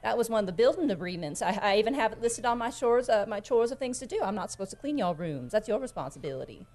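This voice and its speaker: A woman's voice: medium pitch, lively intonation, fast talker, darkish tone, pitched above the performer's own voice, natural voice. A woman voicing a motherly, fussing female cat innkeeper helper who talks in a folksy drawl. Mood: chatty. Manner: folksy drawl, y'all, sweet and doting.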